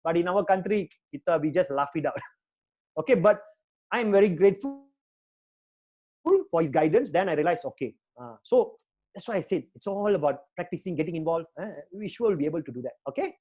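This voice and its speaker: A middle-aged man with a Malaysian English accent coaching students through job interview nerves. He talks in an animated, chatty way, dropping Malay words into his English and swinging his voice up and down. He speaks into a computer mic during an online session. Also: high-pitched, fairly quick. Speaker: career talk speaker. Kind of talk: motivational talk with audience Q&A.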